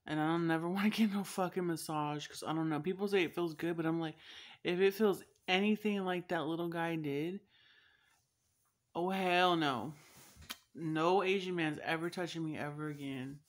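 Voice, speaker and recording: A woman's voice: lowish voice, a little fast. Profane, laughing young woman vlogger. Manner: profane, laughing often, lively storytelling. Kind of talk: casual storytelling vlog.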